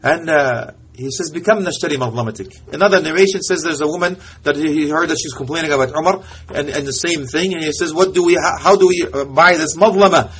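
A male preacher telling a story in a sermon, impassioned, often dropping to a hush and mixing in Arabic phrases. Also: on the high side, fast, slight background noise.

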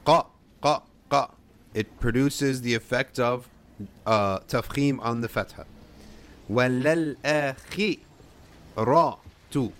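A man's voice: mid-range voice, fairly bright tone, slight background noise. Man teaching Quran recitation patiently. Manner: patient, repeats sounds slowly, asks and answers his own questions. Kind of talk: tajweed lesson, explaining and modeling recitation.

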